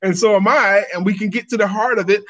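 Male co-host, fairly high voice, casual storytelling, conversational. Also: steady tone, fast, fairly bright tone, dull audio. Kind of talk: podcast talk.

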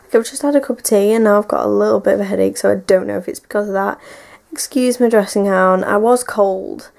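A woman's voice: medium pitch, quick pace, creaky, darkish tone. Rambling chatty young woman. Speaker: vlogger. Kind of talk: casual daily vlog. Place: home, indoors and garden.

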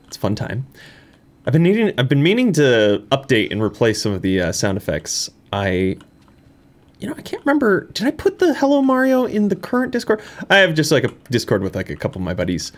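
A man in a casual let's-play commentary, rambling and self-mocking, bursting into high excited laughter. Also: fairly quick. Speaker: gaming YouTuber. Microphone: desk microphone.

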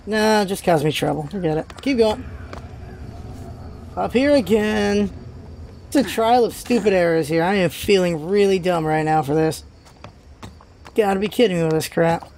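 A man's voice: sits high, normal speed, long pauses, darkish tone, slight background noise. A man hosting a let's play, giving casual game commentary as he rants and swears in frustration.

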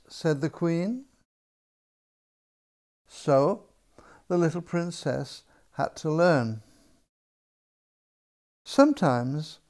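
Slow, gentle older storyteller man. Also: fairly high pitch. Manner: unhurried, gentle, plays up the story's voices. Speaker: author reading his own picture book. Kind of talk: storybook read-aloud.

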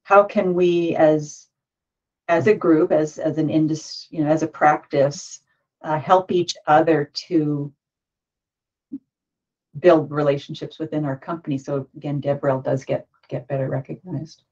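A woman's voice: deep voice, fairly even intonation, a little slow, a little mellow, muffled recording. A woman moderating a panel discussion, thinking aloud with many restarts.

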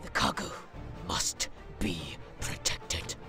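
Woman doing a rasping hooded alien villain, menacing male, hushed low voice, audio story, faint music behind. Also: slow, lightly acted.

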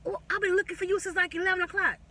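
A woman's voice: extremely high pitch, little pitch movement, very fast, pushed and bright, far from the mic, voice pushed up. A woman acting out her ex-husband as a man stubbornly insisting on a lie. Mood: insistent. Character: pleading, lying man caught out by his wife.

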